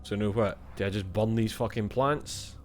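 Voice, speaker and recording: A man's voice: lowish voice, normal speed, a little hiss or hum. A young Scottish man playing a video game and thinking aloud in casual, swear-filled commentary. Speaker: gaming streamer.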